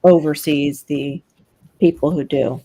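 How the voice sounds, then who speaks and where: A woman's voice: low-pitched, steady tone, unhurried, warm tone, slightly rough, dry recording. A woman chatting casually on a family live stream, candid and wry, laughing often, picked up by a webcam mic at home. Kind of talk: casual chat.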